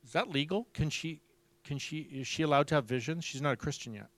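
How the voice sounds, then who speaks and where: A man preaching, telling a story with lively acted-out dialogue. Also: a little high, brisk, dry recording. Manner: animated storyteller, acts out dialogue. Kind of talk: sermon storytelling.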